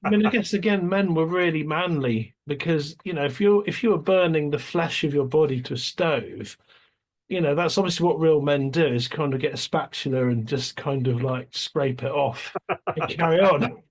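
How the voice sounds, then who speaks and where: A man co-hosts a casual film podcast. He talks hesitantly, with fillers and quick agreeing noises. His voice sits a touch higher than most men's. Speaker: podcast co-host.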